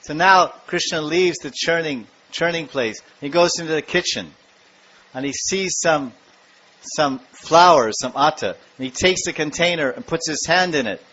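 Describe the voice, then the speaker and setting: A man giving a devotional lecture, telling stories in an animated way and acting out the scenes. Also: on the high side, measured pace, slight background noise. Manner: animated storytelling, acts out scenes. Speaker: spiritual lecturer. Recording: dull lo-fi lecture recording.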